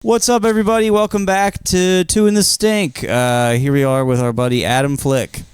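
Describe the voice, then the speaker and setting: A man cohosts a comedy podcast with dry, deadpan teasing. His voice is smooth and clear. It is recorded close on a dry mic. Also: fairly high pitch, moderate pace, no room sound. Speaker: podcast co-host. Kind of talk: casual comedy chat.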